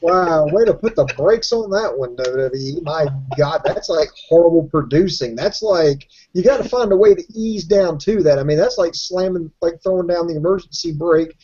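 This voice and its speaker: A man's voice: a little high, moderate pace, hardly any pauses, slightly rough. A man hosting a wrestling review podcast, steadily leading the talk and asking his co-hosts questions. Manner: steady, moderating, asks questions. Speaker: podcast host. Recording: dull lo-fi podcast audio.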